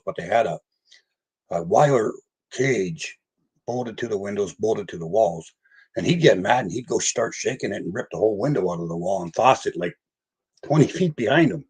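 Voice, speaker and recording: A man's voice: fairly low pitch, a little mellow, slightly rough. An older man, a paranormal investigator, telling personal stories in a rambling, casual way and acting out other people's voices. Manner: rambling, laughs often, acts out voices in his story. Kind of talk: casual storytelling interview.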